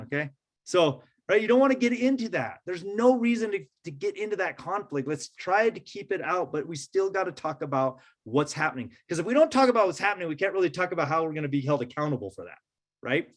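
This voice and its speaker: A man presents to a room of educators in a loose, conversational way. His voice sits a little on the high side. He keeps checking in with listeners as he goes. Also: big pitch swings, fast talker. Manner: conversational, many fillers and "right?" check-ins. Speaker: trainer leading a teacher workshop.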